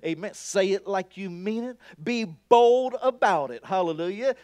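A male pastor delivers a sermon in a high, animated voice that swings widely in pitch. He works the congregation with call-and-response, repeating "Amen?", and builds up to loud, bold declarations. The sound is dry and close. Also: a little slow, few pauses, no echo. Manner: rises to loud shouted declarations. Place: church.

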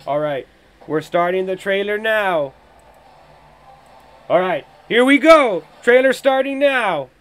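A man hosting a podcast with a slightly high voice, riffing loosely as he reacts to a trailer. He is excitable, thinks aloud and swears in nearly every sentence. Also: slow, pauses often, clean tone. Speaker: podcast host. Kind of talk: casual trailer reaction commentary.

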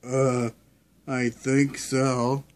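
Halting man narrating toy play. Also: medium pitch, flat delivery, darkish tone. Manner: halting, restarts, narrates then voices toys. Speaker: storyteller directing toy play. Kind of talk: playful toy role-play.

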